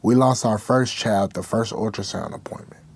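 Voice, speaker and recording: A man's voice: on the low side, moderate pace, gravelly, husky. A young man, a rapper guest, talking candidly and emotionally in slang-heavy speech. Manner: raw, emotional, slangy with constant "bro". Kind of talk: candid interview talk.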